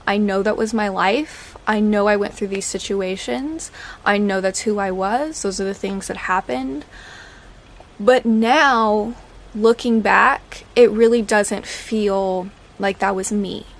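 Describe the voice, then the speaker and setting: A woman, talking candidly as a podcast host, chatty and laughing through dark jokes. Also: medium pitch, slow pace. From Oklahoma. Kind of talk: casual personal talk.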